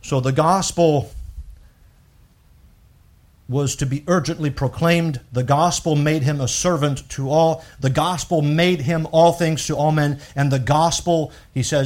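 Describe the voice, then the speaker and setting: A man preaching a sermon, reading scripture aloud in a rising, emphatic voice and dropping low and quiet to explain his points. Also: moderate pace.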